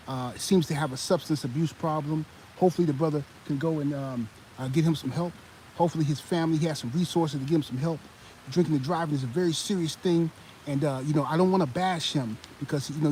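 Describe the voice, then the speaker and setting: A man doing an impression of a preachy male TV sports pundit, by turns measured and scolding. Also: a little high, a little hiss or hum, lightly acted, rough recording. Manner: measured and calm, then loud and scolding.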